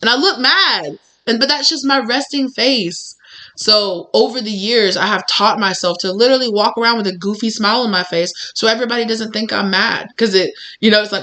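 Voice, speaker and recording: Bright, candid young woman ranting casually. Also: a little high, fairly quick. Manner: candid, emphatic, uses fillers like "like". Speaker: tarot reader. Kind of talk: casual tarot reading monologue.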